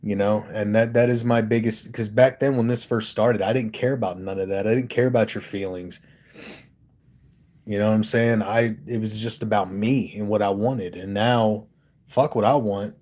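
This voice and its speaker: Man from Delaware, lowish voice, candid and profane, hosts his own livestream chat into a studio mic. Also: steady tone, normal speed, a little mellow. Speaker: livestream host and rapper. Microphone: studio microphone.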